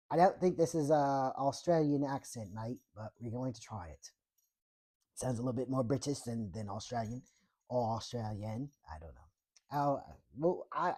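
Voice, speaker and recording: A woman's voice: low voice, dark tone, husky. A woman host reading a book chapter aloud, breaking off for irreverent, profane asides.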